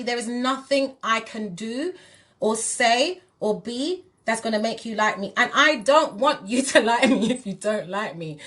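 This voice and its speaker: Forceful British woman slipping into patois. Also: a little high. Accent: British English mixed with Jamaican patois. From England. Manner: emphatic, confrontational, repetitive. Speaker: musician and spiritual wellness figure. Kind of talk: livestream rant.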